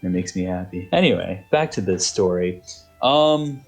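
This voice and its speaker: A man runs a tabletop game over voice chat, his voice sitting on the low side. He rambles and hesitates, leaning on fillers as he narrates. Faint music plays underneath. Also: expressive, moderate pace, gravelly. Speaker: game master.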